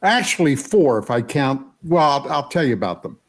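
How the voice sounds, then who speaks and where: An older man from Pennsylvania telling a personal story on a radio show, animated and often asking "okay?". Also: mid-range voice, moderate pace. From Pennsylvania, USA.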